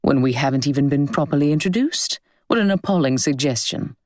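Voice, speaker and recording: A playful young gentleman with a fondness for mock-formal teasing, as a woman narrator puts him on. His banter is dry and lightly low-pitched. The recording sounds close and dry, with no room echo. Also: expressive, a little fast.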